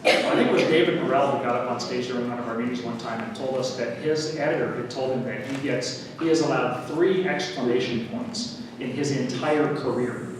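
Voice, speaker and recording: A man giving a workshop talk on writing at a writers' meeting, teaching in a relaxed way with wry asides. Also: mid-range voice, brisk. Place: meeting hall. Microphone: room recording from a distance. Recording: echoey hall recorded from far off with noise.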